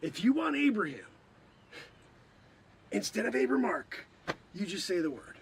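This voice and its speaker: A man doing an improvised comedic monologue, ranting in an exasperated way and breaking into shouts. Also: sits high, big pitch swings, normal speed, creaky, pauses often, crowd noise. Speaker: comedian host.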